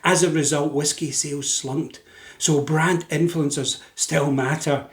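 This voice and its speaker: A man presenting a narrated educational talk in a measured, informative way, with occasional fillers. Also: on the high side, fairly even intonation. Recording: roomy echo with faint music.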